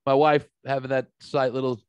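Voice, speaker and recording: A man's voice: medium pitch, flat delivery, normal speed, clear, resonant tone, dry recording. A middle-aged man from the St. Louis area, hosting a podcast and telling a story in casual, profanity-filled chat. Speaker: podcast host.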